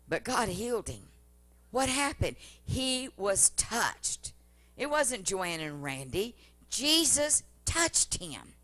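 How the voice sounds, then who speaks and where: Fervent, bright-voiced woman preacher. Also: a little high, big pitch swings, slow pace. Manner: fervent, building to loud emphatic declarations. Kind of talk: revival-style sermon. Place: church service.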